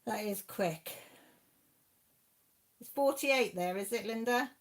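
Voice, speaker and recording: A woman's voice: medium pitch, slow pace. Chatty Welsh woman in her sixties. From Wales. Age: 60s. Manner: chatty, rambling, reads viewer comments aloud. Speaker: channel host reading live chat. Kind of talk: casual live-stream chat.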